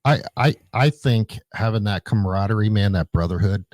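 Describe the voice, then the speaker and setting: A man's voice: lowish voice, fairly quick, a little mellow, dry recording. A male podcast host who talks in a laid-back, reflective way and swears casually. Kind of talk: casual interview.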